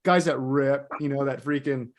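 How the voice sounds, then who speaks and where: A man's voice: medium pitch, steady tone, normal speed. A man talking as a guest in a casual chat, rambling through stories in laid-back slang with many fillers. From Los Angeles area.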